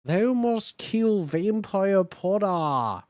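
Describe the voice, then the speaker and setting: A woman's voice: medium pitch, lively intonation, very slow, a little mellow, dry recording, studio quality. A woman voicing an evil noseless male wizard villain in a put-on Australian accent, speaking mock-archaic lines in an exaggerated, theatrical way. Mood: commanding.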